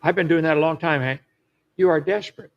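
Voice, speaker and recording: A man's voice: fairly high pitch, fairly even intonation, quick pace, highs cut off. A man lecturing assertively in an old recorded clip. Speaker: creationist speaker.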